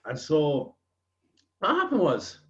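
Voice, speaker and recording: An Irish man with a fairly high voice tells a long anecdote on a podcast, peppering it with swear words. The sound is a bit dull and lo-fi. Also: huge pitch swings, slow, fairly bright tone. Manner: swears freely, rambling anecdotes. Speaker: podcast host. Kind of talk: casual podcast chat, storytelling.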